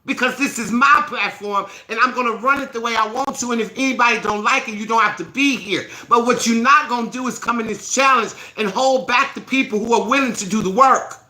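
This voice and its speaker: A woman hosting a self-help live stream, scolding her viewers in a profane, forceful rant. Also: on the high side, fairly quick, few pauses, reverberant, poor audio.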